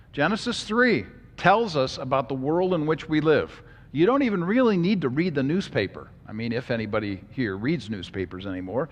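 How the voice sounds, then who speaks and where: Man, bible class lecture, slightly high voice, animated and emphatic, long hall echo. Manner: animated, emphatic, joking asides. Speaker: Bible teacher.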